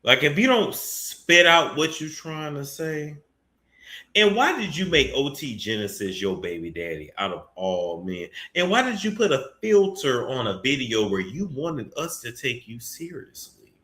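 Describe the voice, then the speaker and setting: A man hosting celebrity gossip commentary, talking in a profane, mocking way with sudden bursts of shouting. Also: medium pitch, very animated, unhurried. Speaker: commentary host. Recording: echoey room.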